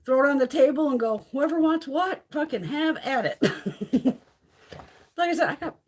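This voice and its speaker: A woman's voice: high voice, brisk, a little mellow. A middle-aged woman chatting casually and profanely on a beauty live stream, laughing often.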